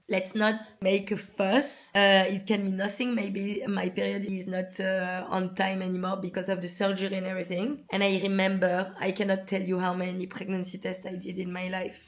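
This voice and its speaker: A woman, telling personal stories to camera in a chatty, animated way, full of likes and restarts. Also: medium pitch. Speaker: vlogger. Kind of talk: casual storytelling to camera.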